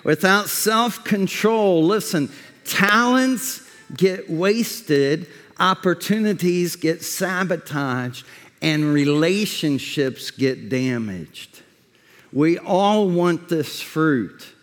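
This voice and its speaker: A man's voice: on the high side, expressive, very slow, a bit bright. A man preaching a sermon as pastor, stressing points and putting questions to the congregation. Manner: emphatic preaching with repeated words and questions to the congregation. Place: church sanctuary. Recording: long hall reverb.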